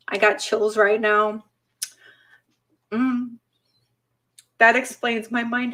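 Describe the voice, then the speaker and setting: A woman hosting a live tarot reading who talks straight to her viewers in a warm, openly emotional way. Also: on the high side, little pitch movement, slow pace, pauses often. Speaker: tarot reader and livestream host. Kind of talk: casual livestream tarot reading.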